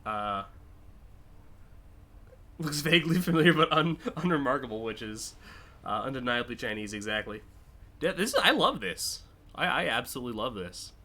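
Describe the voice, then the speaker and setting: A man's voice: medium pitch, very animated, normal speed, pauses often, sharp tone. A man streaming live, casually and enthusiastically judging car designs, with frequent fillers and swearing.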